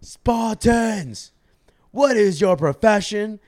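A man voicing a booming male warrior king who shouts commands at his troops. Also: expressive, takes it slowly.

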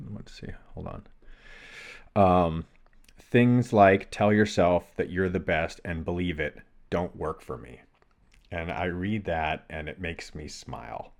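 Deep-voiced man telling a reflective story. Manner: thoughtful, acts out inner voices while telling stories. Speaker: podcast co-host.

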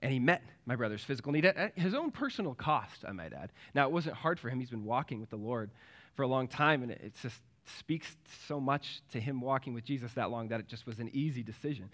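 A man's voice: medium pitch, expressive, quick pace, a bit bright. A man in his thirties, a pastor, preaching a sermon and telling a family story, acting out the voices in it.

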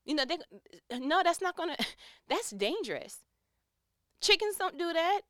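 A woman from New York with a New York accent, giving a lively, laughing faith talk and acting out little quoted scenes. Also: very high voice, unhurried, no echo, studio quality. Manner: animated, laughing, acts out quotes.

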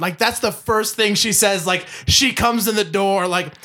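A man co-hosting a podcast, chatting casually and crudely about a movie, rambling and acting out scenes in quick quoted voices. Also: sits high, pushed and bright. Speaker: podcast co-host. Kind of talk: casual comedic movie chat.

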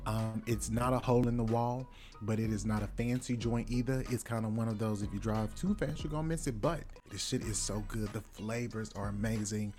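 A man co-hosting a casual podcast, playful and loud, his pitch jumping high when he jokes. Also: fairly quick, faint music behind. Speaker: podcast co-host. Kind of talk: casual chat.

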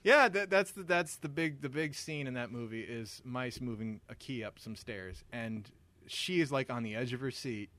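A man co-hosting a podcast, trading crude jokes in casual banter and breaking into loud laughs. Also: medium pitch, moderate pace, no room sound. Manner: animated, laughing, loud bursts. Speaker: podcast co-host.

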